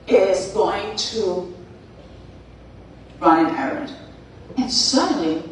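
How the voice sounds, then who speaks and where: A woman's voice: medium pitch, a bit bright, slight background noise. A woman giving a playful motivational talk, telling a story and acting out its characters for the crowd. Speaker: speaker. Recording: echoey hall, far from mic.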